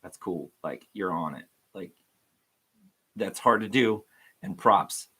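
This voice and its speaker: A man's voice: sits low, animated, slow pace, bright, forceful tone, breathy edge. A man giving an informal, earnest devotional talk to viewers, rambling with frequent restarts.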